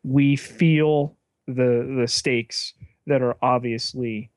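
Slow, measured man breaking down a show. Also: medium pitch, fairly even intonation, no echo. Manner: measured, analytical, picks apart motives and stakes. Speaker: podcast co-host. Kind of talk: casual episode recap.

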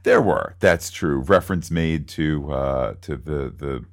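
Man, very low voice, wry wordy podcast co-host, playful recap. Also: takes it slowly, gravelly. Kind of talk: casual episode recap.

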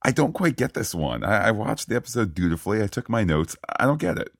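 A man's voice: lowish voice, big pitch swings, quick pace, gravelly, no room sound, clean studio sound. A man hosting a casual podcast, bantering playfully with his co-host and leading the show.

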